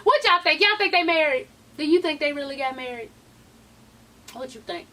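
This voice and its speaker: A woman with a high, bright voice gives a sassy, profane gossip recap and fires questions straight at her viewers. She sounds tired, like it's late at night. Her voice sits a little back from the mic. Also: expressive, moderate pace, recorded from a distance. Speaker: vlogger recapping a reality show. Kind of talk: casual gossipy recap commentary.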